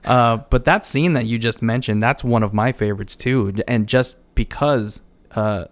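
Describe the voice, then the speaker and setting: A man's voice: medium pitch, normal speed. A man co-hosting a podcast, talking casually in an earnest, agreeable way with small stammered restarts. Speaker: podcast co-host. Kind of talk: casual chat.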